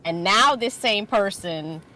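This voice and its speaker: A woman's voice: medium pitch, expressive, slow pace, pushed and bright. A woman co-hosting a casual podcast, telling a story frankly with slang and swearing. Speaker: podcast co-host. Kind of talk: casual chat.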